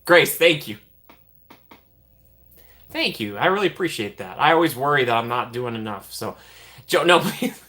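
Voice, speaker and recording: Bright-voiced man thanking livestream donors. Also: medium pitch, expressive. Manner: grateful, reads out donations with quick repeated thanks and laughs. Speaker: livestream host. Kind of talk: casual livestream chat.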